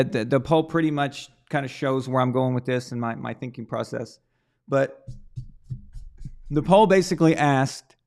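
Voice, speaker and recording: A man's voice: mid-range voice, vocal fry, a little mellow. A man hosting a live sports talk stream, thinking aloud in a rambling way with many restarts and repeated words. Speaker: live show host. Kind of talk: casual sports talk livestream.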